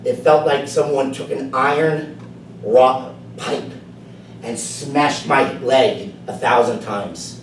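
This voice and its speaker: A man's voice: medium pitch, steady tone, takes it slowly. Man telling a personal story in an echoey room. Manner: earnest storytelling, dropping soft then building to emphatic. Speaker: club speaker. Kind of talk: prepared personal speech. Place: meeting room. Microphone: far camera. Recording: echoey room from far off, faint noise.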